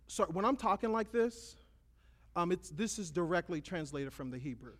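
A man with a high, bright voice preaches to young people. He tells the story in a loose, slangy, joking way and keeps it animated. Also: moderate pace. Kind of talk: casual storytelling sermon.

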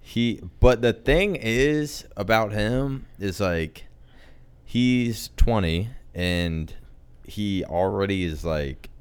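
Young guy on a podcast, low smooth voice, takes his time, swears a lot. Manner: slow, reflective, swears often. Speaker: podcast co-host. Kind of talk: casual chat.

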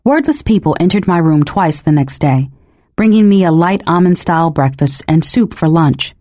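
Woman reading a novel in first person, lower voice with lots of lift and fall, dry close mic. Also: no echo. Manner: measured, expressive storytelling. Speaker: audiobook narrator. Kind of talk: scripted first-person narration.

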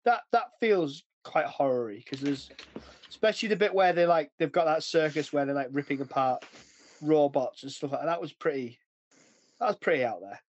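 A man's voice: on the high side, normal speed, dry recording, dull audio. Rambling man on a podcast. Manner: rambling, loses his train of thought, laughs often. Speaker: podcast host. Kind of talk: casual chat.

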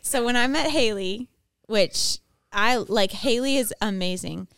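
A woman's voice: on the high side, a little slow, gravelly, a bit bright, smooth, dry recording. A tired woman from Texas, telling stories in a chatty, giggly way as a podcast co-host. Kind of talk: casual chat.

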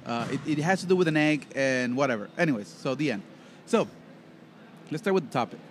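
Speaking a little fast at medium pitch, the man sounds expressive against slight background noise. He's a professional interpreter co-hosting a laid-back podcast, wandering through stories and cracking jokes.

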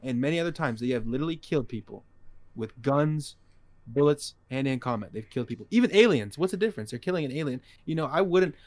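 A man's voice: medium pitch, lively intonation, quick pace, no echo. A young man co-hosting a podcast, rambling in loose slangy casual chat. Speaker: podcast co-host.

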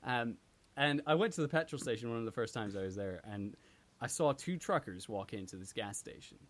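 Rambling mid-pitched podcast co-host man. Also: expressive, fairly quick. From abroad, came to the UK at sixteen. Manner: rambling, restarts, dry asides. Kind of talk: casual chat.

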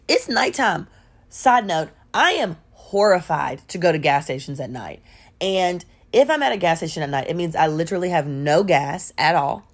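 Woman, low pitch, casual animated storyteller for a home podcast. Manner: animated, chatty, full of "like" and playful asides. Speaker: podcast host.

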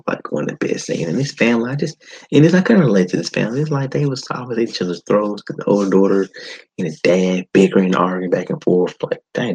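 A man hosting a podcast, giving a blunt, animated movie-review monologue with frequent swearing. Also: medium pitch, quick pace, breathy edge, no room sound, rough recording. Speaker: podcast host.

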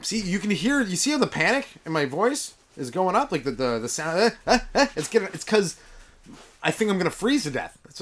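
Lively man riffing on a comedy podcast. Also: fairly high pitch. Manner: joking, riffing, chuckles at own jokes. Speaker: stand-up comedian hosting a podcast. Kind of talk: rambling comic monologue. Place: very cold room kept warm with a wood fire.

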